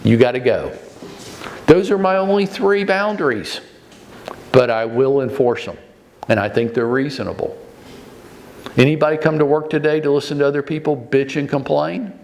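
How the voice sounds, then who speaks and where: A man's voice: moderate pace, gravelly, long pauses, darkish tone, a little hiss or hum. A man in his fifties, a real estate broker giving a blunt motivational training talk to his agents in short punchy sentences. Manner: blunt and emphatic, leaps up in pitch to stress points; speaks directly to the audience, often with short punchy sentences.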